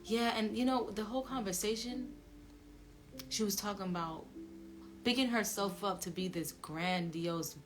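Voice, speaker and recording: A woman's voice: mid-range voice, measured pace. A woman hosting her show and telling a personal story in a casual, emphatic rant, repeating herself, swearing freely and acting out both sides of the conversations. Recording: music playing underneath the voice.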